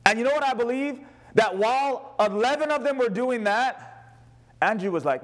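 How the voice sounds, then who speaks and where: A man preaching a sermon from the pulpit, his voice pitched high and light. He preaches with animated energy and slips into the voices of the people in his stories. A live congregation answers him now and then. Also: normal speed. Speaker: pastor. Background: congregation responding.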